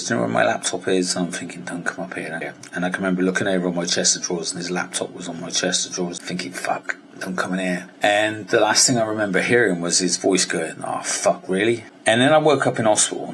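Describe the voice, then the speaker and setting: A man's voice: deep voice, fairly bright tone, slight background noise. A British man telling a personal story on his vlog, blunt and rambling, with frequent swearing. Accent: British English. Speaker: diet vlogger and coach. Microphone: handheld vlogging camera.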